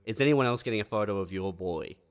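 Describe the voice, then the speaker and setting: A man's voice: on the low side, fast talker, very noisy. A man co-hosting a comedy podcast, talking casually with many fillers and restarts. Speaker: podcast co-host.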